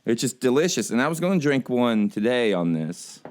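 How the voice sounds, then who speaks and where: A man's voice: medium pitch, sing-song, normal speed, darkish tone. Sleepy laid-back man co-hosting. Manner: laid-back, rambling, laughs easily. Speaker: podcast co-host. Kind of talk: casual chat.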